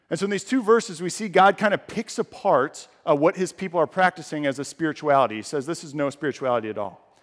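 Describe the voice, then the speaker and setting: A man's voice: fairly high pitch, quick pace. Man preaching in an echoing hall. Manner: conversational preaching, rising to emphatic outbursts. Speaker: pastor. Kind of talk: sermon.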